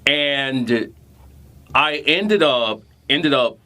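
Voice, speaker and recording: A man co-hosts a casual podcast and chats in a halting way. He restarts often and chimes in with short words of agreement. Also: medium pitch, bright, forceful tone. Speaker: podcast co-host. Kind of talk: casual chat.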